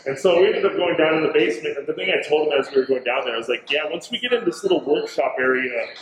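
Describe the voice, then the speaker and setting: A hotel manager with a fairly high voice tells a ghost story in casual chat, talking fast and animatedly, acting out what people said and throwing in "bro" and "dude." The recording is low quality and reverberant, with a crowd audible in the background.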